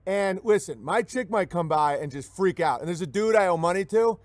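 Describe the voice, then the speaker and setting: A man's voice: high-pitched, animated, fairly quick, no echo. A man voicing a lazy, boastful, unreliable handyman who rambles through excuses with mock bravado.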